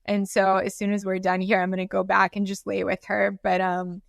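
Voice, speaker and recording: A woman co-hosting a podcast remotely, talking in a halting, candid, emotional way. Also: mid-range voice, completely flat delivery, vocal fry, no room sound, clean studio sound. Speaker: podcast co-host. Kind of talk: casual chat.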